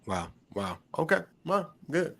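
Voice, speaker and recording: A man's voice: a little high, big pitch swings, unhurried, fairly bright tone. A man hosting a podcast discussion, asking the guests short follow-up questions. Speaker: podcast host. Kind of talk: casual podcast interview.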